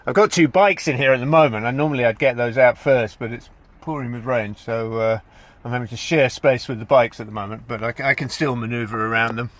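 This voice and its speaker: A man's voice: mid-range voice, fairly quick, a bit bright. A man talking casually to camera as a cycling vlogger, in a rambling, self-correcting way, from a camper van and the roadside. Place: camper van and outdoors by the road. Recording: noisy outdoor traffic background.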